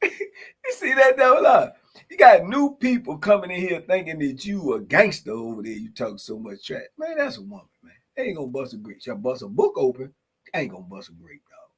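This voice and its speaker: Man, podcast host, slangy banter, fairly high voice. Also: sing-song, normal speed, husky, poor audio. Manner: laughs often, slangy banter. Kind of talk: casual chat reacting to live chat. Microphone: podcast mic.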